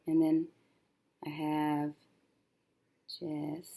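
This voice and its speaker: A woman teacher working through a syllable-division lesson, thinking aloud and slowly sounding out each syllable as she writes. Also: low-pitched, completely flat delivery, gravelly, dark tone. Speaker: reading teacher.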